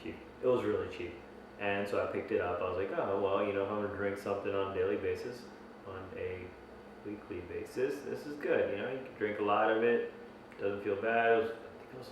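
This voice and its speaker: A man with a lowish voice reviews whisky casually at home, rambling and restarting as he thinks aloud. He sits well back from the mic, and the room rings with a heavy echo. A faint hiss runs underneath. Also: fairly even intonation, brisk, creaky, dull audio. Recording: very echoey room, mic at a distance.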